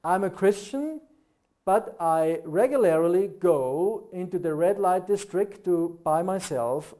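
A middle-aged man with a German accent, whose first language is German, preaching a sermon. He talks earnestly and builds to animated rhetorical questions. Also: high voice.

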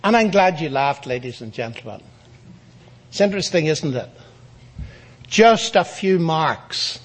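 High-voiced man giving a wry lecture. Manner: wry, storytelling delivery. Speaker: public lecturer. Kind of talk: lecture with anecdote.

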